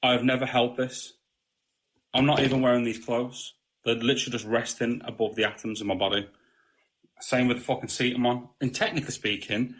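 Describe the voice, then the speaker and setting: A man's voice: medium pitch, fairly bright tone. A man, a podcast guest in casual spiritual conversation, blunt and swearing freely, often asking "you know what I mean".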